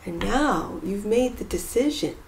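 Woman, tarot reading, earnest, rambling, soft whispers at times, faint background hiss. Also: mid-range voice, animated, measured pace, creaky. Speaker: tarot reader. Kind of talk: spiritual tarot reading monologue. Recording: echoey room with faint noise.

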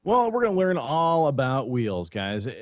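A man's voice: mid-range voice, sing-song, moderate pace, dry recording, soft background music. A man co-hosting a podcast, presenting a semi-scripted tech segment in an explanatory way.

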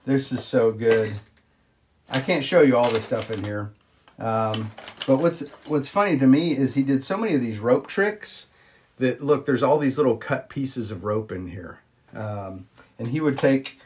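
Easygoing guy streaming live, lots of ums, voice shoots way up on the big "wha-bam" moments. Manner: chatty, greets viewers, jumps up high on exclamations; frequent ums and uhs. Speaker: vlogger showing magic props. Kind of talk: casual live-stream chat.

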